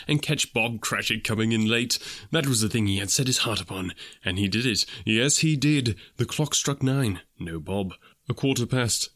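A man narrates a classic tale with a lively, lilting delivery. His voice sits at an ordinary male pitch. He leans into the rhythm of the sentences. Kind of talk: storybook reading.

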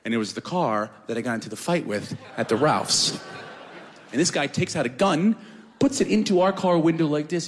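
A man telling a comic story on a podcast in an animated, profane, self-mocking way. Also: a little high, moderate pace, in a large hall, slight background noise.

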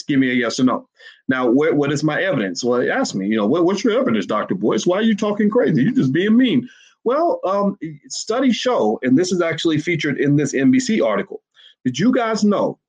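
A man's voice: medium pitch, dull audio. A man giving emphatic livestream commentary to his chat, hammering points with repeated rhetorical questions. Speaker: finance commentator.

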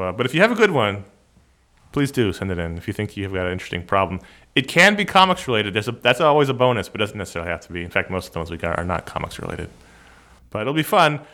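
Bright-voiced man co-hosting a podcast. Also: fairly low pitch. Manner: self-deprecating, rambling with restarts. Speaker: podcast co-host. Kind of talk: casual chat.

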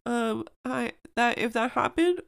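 A young woman talks in an earnest, confiding podcast monologue, her voice emotional and sometimes near tears. Her voice sits a little high and has a gravelly fry. The sound is dry and close, with no room around it. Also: a little slow, no echo. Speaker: podcast host.

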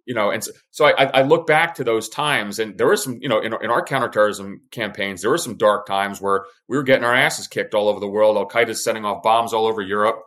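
A man's voice: on the low side, fast, few pauses, a bit bright. Emphatic man, former intelligence officer. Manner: emphatic, many restarts and fillers. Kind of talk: podcast conversation.

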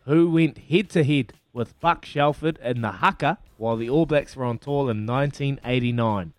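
A man with a New Zealand accent hosting a breakfast radio quiz, brisk and matey as he reads questions and counts down. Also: medium pitch, no echo, soft background music. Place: radio studio. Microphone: studio microphone.

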